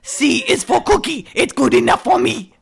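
A woman doing a gleeful furry cartoon monster who is wild about cookies. He has a higher, louder voice and gruff, broken-English chants. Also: animated, moderate pace, full character voice. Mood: greedy, gleeful. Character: gluttonous furry male cookie-loving monster.

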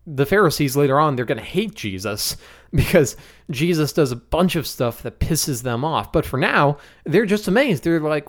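A man hosting a podcast, teaching a Bible passage in a relaxed, conversational way with the odd chuckle. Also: a little high, normal speed. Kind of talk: casual Bible study teaching.

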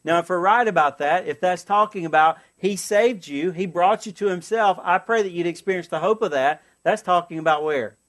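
A man preaching a sermon as pastor, earnest, asking the congregation for an amen and slowing down to read scripture. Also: high-pitched, a bit bright. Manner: earnest, call-and-response asides, slows for scripture.

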